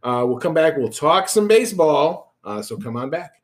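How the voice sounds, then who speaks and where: A man's voice: a little high, big pitch swings, moderate pace, background noise. A man co-hosting a sports podcast, chatting in an easygoing, agreeable way. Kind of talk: casual sports chat.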